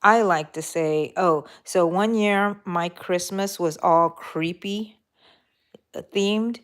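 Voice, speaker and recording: Brief: middle-aged woman, drawl, unhurried, low-pitched, chats with viewers as she crochets. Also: vocal fry. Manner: chatty, laughing, talks to viewers. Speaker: crochet vlogger. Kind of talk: casual live-stream chat while crocheting.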